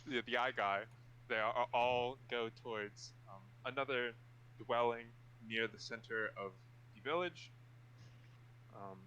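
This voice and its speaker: A man runs a tabletop game and narrates in a rambling way, often repeating words. His voice is bright and mid-pitched. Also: a little hiss or hum, poor audio. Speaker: game master.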